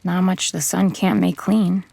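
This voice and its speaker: A gravelly, low-voiced, hard-bitten narrator. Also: female voice, fairly even intonation, warm tone, no room sound, heavily acted. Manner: measured, terse, hard-bitten storytelling. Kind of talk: scripted first-person drama narration.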